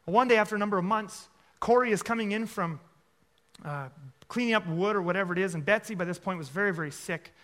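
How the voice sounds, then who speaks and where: A man's voice: sits high, fast, a bit bright. A man preaching a sermon and telling a story, with frequent "okay?" asides and playful mockery.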